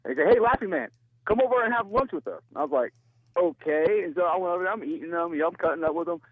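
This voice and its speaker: A man's voice: fairly high pitch, expressive, very fast, no room sound, phone-quality sound. A man calling in to a radio show and telling a story, laughing often as he talks. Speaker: caller.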